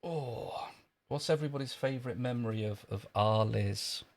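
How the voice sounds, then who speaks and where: Man, gravelly voice, dry sardonic jokes, casual streamer chat. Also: mid-range voice, moderate pace. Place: outdoors in a long queue.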